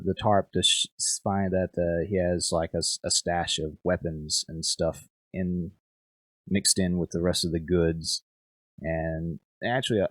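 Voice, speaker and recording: A man's voice: low voice, dry recording. A young man narrating as game master, rambling with lots of fillers and repeated words.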